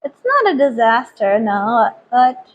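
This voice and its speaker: A woman's voice: on the high side, very animated, takes it slowly, lo-fi sound. A young woman, chatting casually in a makeup vlog, self-deprecating and giggly, rambling as she talks. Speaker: vlogger.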